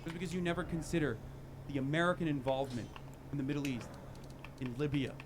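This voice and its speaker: A man's voice: on the high side, steady tone, quick pace. A man in a heated political rant, angry, emphatic and profane. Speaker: political commentator. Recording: noisy clip played on stream.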